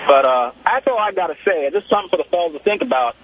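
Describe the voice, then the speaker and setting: A young man calling in to a radio show, his voice high-pitched and squeezed through a tinny phone line with faint hiss underneath. He talks in slangy, boastful storytelling. The chat is loose and casual. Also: big pitch swings, very fast, few pauses. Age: 20s. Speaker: caller.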